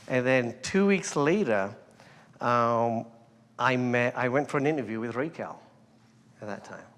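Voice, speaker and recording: A man's voice: medium pitch, measured pace. English-raised man telling stories in a hall. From England. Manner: relaxed storytelling, laughs often, many fillers. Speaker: guest entrepreneur. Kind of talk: conversational interview. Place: hall before a live crowd.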